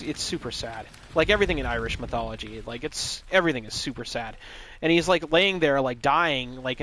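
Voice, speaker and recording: A man's voice: a little high, noisy background. A man streaming a game live, retelling a story in a loose, rambling, joking way with plenty of swearing. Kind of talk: casual live gaming commentary.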